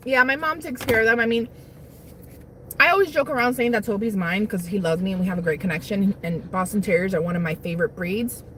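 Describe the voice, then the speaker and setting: A woman's voice: medium pitch, fast talker, a bit bright, a little hiss or hum. A young woman hosting a casual livestream on her lunch break, rambling while she eats and reads chat. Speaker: livestream host. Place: parked car on lunch break.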